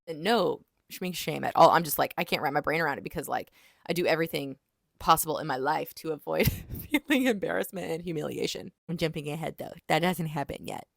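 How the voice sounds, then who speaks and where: A woman chatting casually as she reviews a book, retelling it in an animated way with lots of "like". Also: low voice, a little fast, gravelly, dry recording, clean studio sound.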